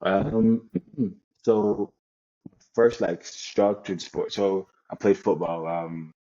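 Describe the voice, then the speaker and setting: A young man from Nigeria, a guest on an interview podcast, telling stories in a relaxed way with many restarts. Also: low-pitched, drawn-out words, muffled recording. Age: young adult. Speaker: guest, American football player. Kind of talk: casual interview chat.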